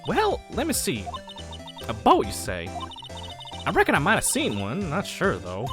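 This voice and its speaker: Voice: mid-range voice, wildly swooping pitch, measured pace, over music. A streamer voicing a brash young woman photographer with a put-on Southern US accent and a folksy, drawling way of talking. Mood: chatty.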